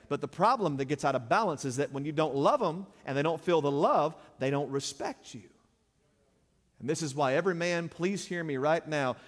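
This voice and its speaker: A high-voiced male preacher delivers an emphatic sermon, swelling louder on his key points and calling out to the congregation. His voice rings with the long reverb of a church sanctuary. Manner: emphatic, call-and-response, surges louder and higher on key points.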